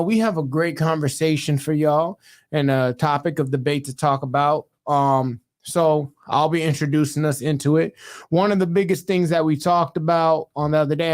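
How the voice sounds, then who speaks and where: Middle-aged man, podcast host, relaxed slangy talker with a slightly raised voice. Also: on the high side. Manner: laid-back slang, swears casually. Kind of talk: casual chat. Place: studio podcast set.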